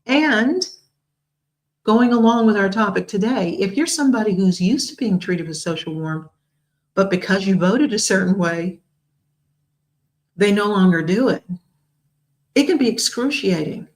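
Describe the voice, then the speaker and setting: A woman in her sixties, hosting a talk show and telling personal stories in an earnest, expressive way. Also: medium pitch, unhurried, long pauses, low-quality recording. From United States. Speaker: host.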